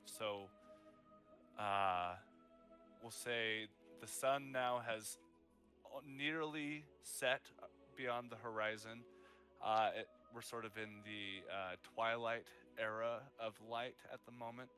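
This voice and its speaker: A man narrates a tabletop game as game master. His voice sits on the low side, and his delivery is relaxed and descriptive. Faint music plays underneath. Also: slow pace. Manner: relaxed, descriptive, with many fillers.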